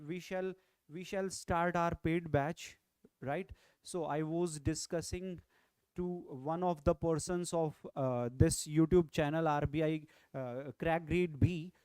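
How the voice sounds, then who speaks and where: A man's voice: sits high, a little mellow, clear, resonant tone, dry recording. A young man with an Indian English accent teaching grammar in an online exam-prep lecture, repeating points and urging viewers to comment. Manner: repetitive, coaxing viewers to comment.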